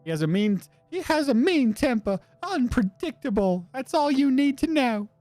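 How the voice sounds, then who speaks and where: A man's voice: big pitch swings, normal speed, darkish tone, soft background music. A man putting on an anxious otter wife. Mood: defensive. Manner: pleading, higher girlish voice. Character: worried otter wife seeking a detective. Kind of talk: game dialogue read aloud.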